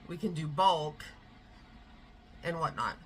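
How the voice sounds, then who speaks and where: A woman's voice: low-pitched, slow, a little hiss or hum, low-quality recording. Chatty woman vlogging at home. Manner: rambling, chatty, frequent fillers and yawns. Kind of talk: casual vlog chat. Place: at home, indoors. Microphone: camera on a tripod.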